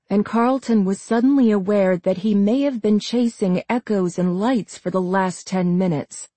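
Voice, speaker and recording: Slow, measured woman narrating a story. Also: mid-range voice, mellow, dry recording. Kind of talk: scripted audiobook narration.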